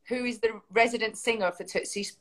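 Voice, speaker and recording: An English woman, a singer guesting on a show, telling a story in an animated way and acting out other people's lines. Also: a little high, brisk. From England.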